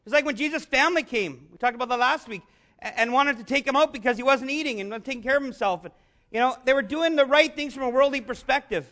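A man preaching a sermon, earnest and conversational, rising to shouts on key lines. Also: extremely high pitch, quick pace. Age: adult, father of young children. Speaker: pastor.

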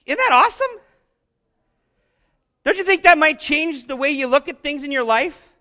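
Guy pastor giving a sermon, real high voice, asks lots of questions. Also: sharp tone. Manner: rhetorical questions, emphatic slow repetitions.

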